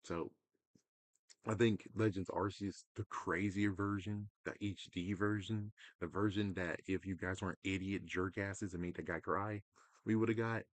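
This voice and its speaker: Casual gaming ranter, male, deep and dry-sounding, profane and exasperated. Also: steady tone, moderate pace, no echo. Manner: exasperated, profane, mocking voices; swings between loud outbursts and muttering. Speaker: gaming commentator. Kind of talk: casual rant to camera.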